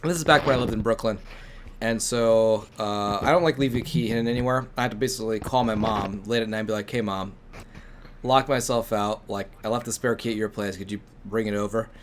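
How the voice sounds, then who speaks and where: A man hosting a casual group storytelling chat, animated and asking eager questions. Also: lowish voice, fairly quick, a little hiss or hum. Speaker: host.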